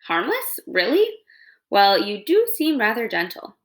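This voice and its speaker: A woman's voice: mid-range voice, wildly swooping pitch, measured pace. A woman reading a children's novel aloud, voicing a chatty, theatrical female possum who gushes about acting. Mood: relieved. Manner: dramatic, gushing, eager to please.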